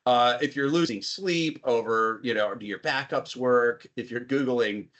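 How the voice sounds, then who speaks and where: A man speaking as a guest on a webinar, chatty and animated, often acting out quoted voices. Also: medium pitch, a little slow. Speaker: guest, IT business owner. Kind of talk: casual webinar conversation.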